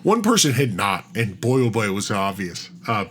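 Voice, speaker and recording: A man co-hosting a podcast, retelling a tabletop game session in a rambling, animated way, full of restarts and fillers. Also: lowish voice, moderate pace. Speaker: podcast co-host. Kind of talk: casual storytelling chat.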